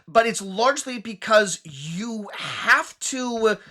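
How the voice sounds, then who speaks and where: A man co-hosting a casual movie review podcast, animated and quick to act out lines from the film. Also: high voice. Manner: animated, acts out movie lines in exaggerated voices. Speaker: podcast co-host.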